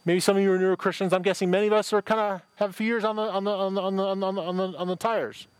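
A man's voice: high voice, fairly even intonation, rapid-fire, clear, resonant tone, no echo. A middle-aged male pastor preaching a conversational sermon, reading scripture and adding informal asides with frequent repeated words. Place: church service with a parking-lot and online audience.

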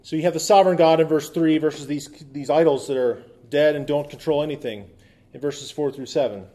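Mellow-voiced pastor preaching. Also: male voice, fairly high pitch, brisk. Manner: conversational preaching with asides and quips; reads scripture aloud with emphasis. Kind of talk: sermon.

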